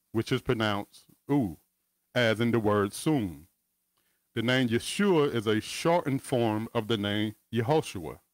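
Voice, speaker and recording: A man's voice: mid-range voice, no echo. Man teaching scripture, dry close sound. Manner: casual, asides and chuckles between scripture readings. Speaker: Bible teacher. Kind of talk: conversational Bible teaching. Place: home, over a video call. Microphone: video call.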